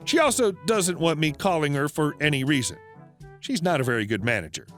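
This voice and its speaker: Man narrating a story over soft music. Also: fairly high pitch, big pitch swings, a little fast. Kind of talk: narrated internet story reading.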